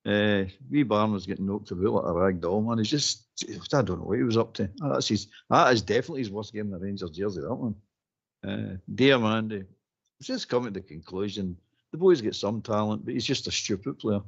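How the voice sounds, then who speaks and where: A man's voice: lowish voice, brisk, vocal fry, slightly rough. A man with a Scottish accent co-hosting a football phone-in, exasperated and repeating himself as he runs down the players. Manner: exasperated, repeats his words, laughs while he talks. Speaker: co-host. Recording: dull lo-fi audio.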